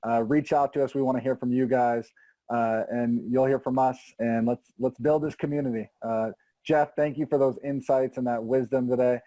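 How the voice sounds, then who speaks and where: Man, host sign-off, mellow dark voice, upbeat promo. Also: medium pitch, fairly even intonation, moderate pace, no echo, poor audio. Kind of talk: show sign-off.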